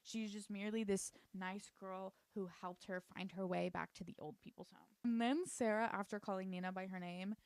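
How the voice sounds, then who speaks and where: A woman's voice: medium pitch, fairly even intonation, a little mellow, no room sound. A woman casually recapping a TV show for her channel, sarcastic and swearing freely. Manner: sarcastic, swears freely, slips into quick character voices. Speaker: YouTube recap commentator.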